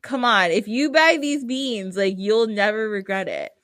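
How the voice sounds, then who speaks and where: A woman voicing a shady man who smoothly pushes a sketchy deal. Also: mid-range voice, unhurried, fairly bright tone, lightly acted. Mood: wheedling. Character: shady male swindler selling beans.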